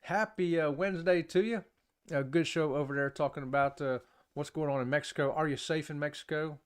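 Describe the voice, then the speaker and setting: A man hosts a casual live-streamed talk show. His voice sits a little high for a man. He rambles, chats warmly with viewers by name and laughs often between remarks. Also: fairly quick, smooth.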